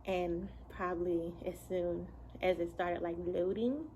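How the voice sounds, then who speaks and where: A woman's voice: fairly low pitch, measured pace, slight background noise, low-quality recording. Chatty young woman telling a story. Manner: chatty, animated retelling with frequent laughs. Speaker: vlogger and mother. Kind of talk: casual storytime.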